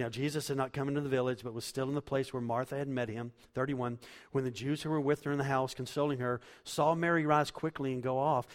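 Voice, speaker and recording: Preaching man in a reverberant hall. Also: medium pitch. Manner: preaching from scripture, builds to loud emphatic passages. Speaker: pastor. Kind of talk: sermon.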